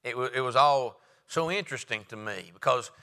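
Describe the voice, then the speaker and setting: Bright, emphatic preacher man in a hall. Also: mid-range voice, brisk, clean tone. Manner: folksy storytelling with loud emphatic rises. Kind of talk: sermon.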